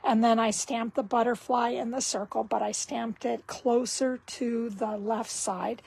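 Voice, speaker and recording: Slow, husky-voiced woman teaching crafts. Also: fairly high pitch, low-quality recording. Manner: relaxed, talks slowly and thinks aloud. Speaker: card-making instructor. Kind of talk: casual craft tutorial.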